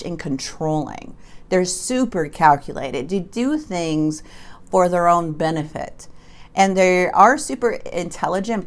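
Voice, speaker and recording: A woman with a somewhat low voice talks her viewers through a tarot spread in a loose, conversational way. She is emphatic when she warns them, and she often stumbles and restarts mid-sentence. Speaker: tarot reader. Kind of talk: casual tarot reading to camera.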